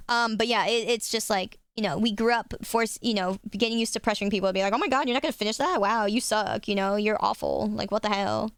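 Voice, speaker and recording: A woman's voice: mid-range voice, a bit bright, smooth, dry recording, studio quality. A young woman streaming live, chatting casually with her viewers and swearing freely. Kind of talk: casual chat with chat.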